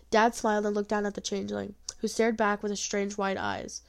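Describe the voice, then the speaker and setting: A woman's voice: mid-range voice, little pitch movement, fairly quick, gravelly, few pauses. A woman narrating a storybook in an earnest first-person telling. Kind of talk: storybook reading.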